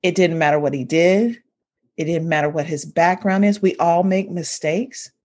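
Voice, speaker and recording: A woman's voice: fairly low pitch, moderate pace, darkish tone. A woman in her forties, a social worker and mother, telling a personal story with feeling and faith references.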